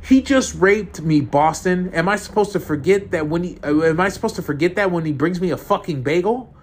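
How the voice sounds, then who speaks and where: A man voicing an angry, foul-mouthed young woman held captive, in a raised voice. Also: a little fast. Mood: furious. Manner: shouting, profane, raised falsetto-ish voice.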